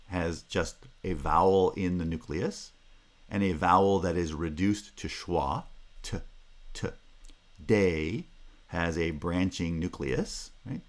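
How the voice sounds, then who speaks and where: Very deep-voiced male linguistics lecturer. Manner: explanatory, frequent "right?" checks and restarts. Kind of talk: recorded phonology lecture.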